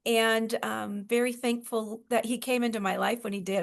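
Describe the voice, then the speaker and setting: A woman's voice: fairly high pitch, fairly even intonation, a little slow, creaky, fairly bright tone. A woman hosting a wellness video call, chatty and emotional, with many fillers. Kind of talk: casual presentation on a video call.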